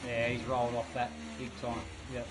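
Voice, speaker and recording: A man commentating a sim racing qualifying session, excitable and rambling with fillers. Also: medium pitch, normal speed, over music. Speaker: race commentator. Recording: noisy background of engine sounds. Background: racing car engine noise.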